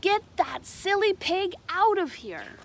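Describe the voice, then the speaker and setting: A woman's voice: very high-pitched, very animated, takes it slowly, slight background noise, pitched above the performer's own voice, heavily acted. A woman voicing an angry grown-up scolding a child in a storybook reading. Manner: shouting, scolding. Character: angry grown-up man, father or principal.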